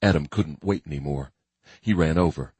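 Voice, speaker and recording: A man giving steady, grim scripted narration of a thriller audiobook. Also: a bass voice, normal speed, breathy edge, dry recording.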